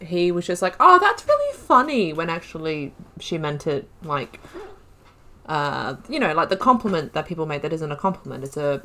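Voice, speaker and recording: A woman's voice: deep voice, a bit bright. A woman hosting a game playthrough, musing aloud and rambling through her thoughts as she plays. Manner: rambling, musing aloud, acts out quoted lines. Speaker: let's play host. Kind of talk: gameplay commentary.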